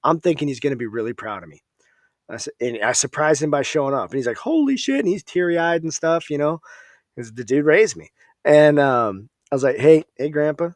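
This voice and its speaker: A man from Minnesota, an Army veteran guest on a podcast, telling stories in a casual, profane and animated way. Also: a little high, brisk, no echo, clean studio sound.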